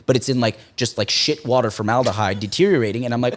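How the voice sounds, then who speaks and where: A man's voice: medium pitch, rapid-fire, few pauses, slight background noise. A man in his thirties, a podcast guest, telling a story in casual slang with lots of swearing and bits of Armenian mixed in. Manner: swears freely, slangy, mixes in Armenian phrases. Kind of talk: animated storytelling with quoted voices.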